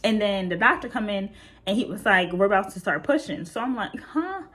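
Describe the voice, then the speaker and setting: A woman's voice: mid-range voice, fairly quick, fairly bright tone. Chatty young woman telling a storytime. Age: young adult. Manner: chatty, frequent fillers, addresses viewers directly. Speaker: vlogger. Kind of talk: casual storytime.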